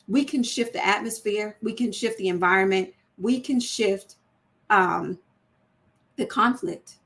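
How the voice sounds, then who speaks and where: A woman's voice: on the high side, a bit bright. Earnest woman giving faith-based marriage advice. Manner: earnest, conversational, acts out example phrasings in shifting tones. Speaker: host of a faith-based women's channel. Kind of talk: candid faith-based talk.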